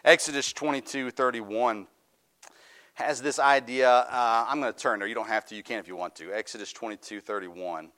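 A man's voice: mid-range voice, moderate pace, a bit bright. A middle-aged male pastor preaching a sermon, reading scripture aloud and rising into fervent, raised preaching.

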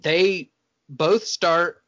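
Man, podcast host, casual wry chat; slightly high voice, dry muffled recording. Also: fairly even intonation, extremely slow, fairly bright tone, no room sound. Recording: dull lo-fi dry sound.

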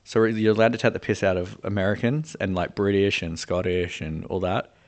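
Low, gravelly podcast co-host. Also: male voice, steady tone, brisk. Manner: laid-back, thoughtful, trailing off. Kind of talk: casual podcast chat.

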